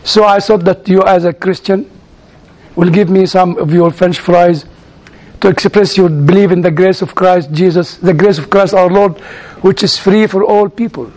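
A man from outside the United States preaching through personal stories, halting and repeating words as he searches, with chuckling asides. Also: high voice, fairly even intonation, a little mellow. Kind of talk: sermon told as personal stories.

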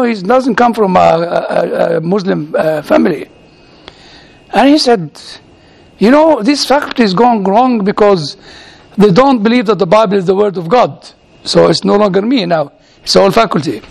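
High, gravelly man telling stories. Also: lively intonation, unhurried, pauses often. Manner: humorous, chatty, acts out quoted dialogue. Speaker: theology lecturer and chaplain. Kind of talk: anecdotal storytelling talk.

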